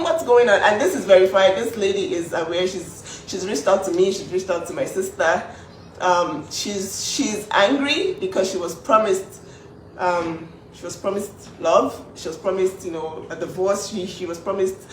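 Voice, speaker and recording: A woman's voice: medium pitch, slight background noise. Young woman ranting for her sister, kinda far from the mic, roomy echo. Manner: earnest, emphatic, indignant. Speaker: older sister speaking out. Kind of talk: casual social media video.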